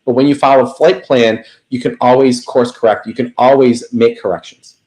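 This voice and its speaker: Guy on a video call telling a story, animated, does quick voices for people. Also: mid-range voice, echoey room, rough recording. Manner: animated anecdote teller, lively quoted voices. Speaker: guest speaker. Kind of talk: storytelling in a casual interview.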